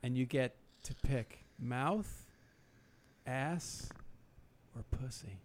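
A man's voice: mid-range voice, very slow, background noise. A man hosting a podcast in casual chat, loose and joking, swearing freely. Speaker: podcast host.

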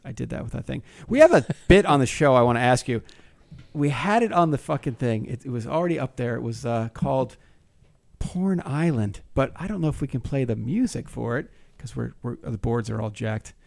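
A male podcast host in a casual chat, excitable and animated, swearing freely. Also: medium pitch, fairly quick, creaky.

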